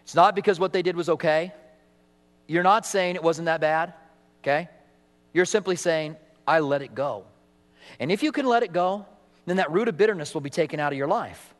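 A middle-aged man preaching a sermon in a church sanctuary, with a rather high voice for a man. His delivery is animated, and he acts out the people he quotes. The sound carries a long hall reverb. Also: brisk. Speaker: pastor.

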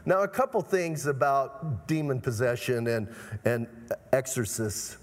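A pastor from Arizona preaching a sermon in an emphatic manner, repeatedly urging the congregation to listen. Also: male voice, mid-range voice, a little slow. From Arizona, USA. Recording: long hall reverb.

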